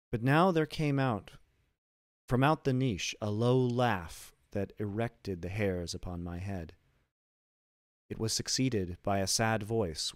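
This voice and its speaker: A man reading a classic story aloud in a slow, measured, deliberate way. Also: lowish voice, no room sound, studio quality. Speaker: streamer reading classic literature.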